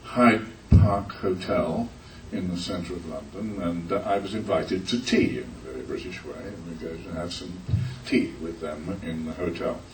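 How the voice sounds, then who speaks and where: Deep-voiced older man telling stories. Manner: halting, many uhs, measured storytelling. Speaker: panel guest actor. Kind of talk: anecdotal storytelling at a convention panel. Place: convention hall. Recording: echoey hall, distant mic, faint noise.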